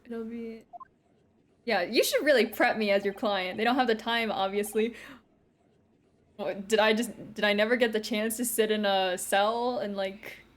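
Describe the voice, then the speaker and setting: A woman's voice: mid-range voice, moderate pace. A young woman casually commenting on a game while playing, chatty and joking. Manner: chatty, joking, laughs often. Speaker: streamer.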